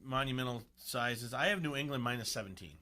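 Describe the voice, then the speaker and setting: A man talks sports on the radio in a quick, joking banter. His voice is bright and edgy, and he rattles his lines off fast. He repeats himself now and then. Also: mid-range voice. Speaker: radio sports show co-host. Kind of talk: casual sports chat.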